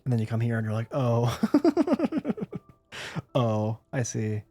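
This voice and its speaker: Sleepy male streamer, husky mellow voice, rambling jokey commentary over quiet game music. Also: mid-range voice, huge pitch swings, takes it slowly. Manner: rambling, profane, joking. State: sleepy, yawning. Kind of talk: casual gameplay commentary.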